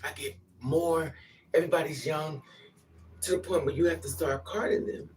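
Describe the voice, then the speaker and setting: A woman's voice: deep voice, normal speed, a little mellow, recorded from a distance, a little hiss or hum. An older woman hosting a casual livestream, talking frankly, laughing often and greeting viewers by name. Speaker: livestream host.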